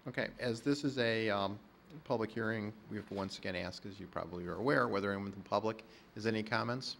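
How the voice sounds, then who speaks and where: A man runs a public planning meeting in a low, gravelly voice. He phrases his questions with care and moves steadily through procedure, with a faint hum of room noise behind him. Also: fast talker, a bit bright. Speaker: commission chair.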